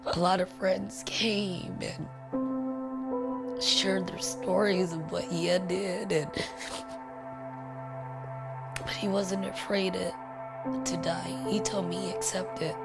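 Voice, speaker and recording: A woman telling a personal family story in an interview, speaking softly and often in a hushed, emotional way. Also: fairly low pitch, level tone, slow pace, long pauses, over loud music. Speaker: sister of the deceased.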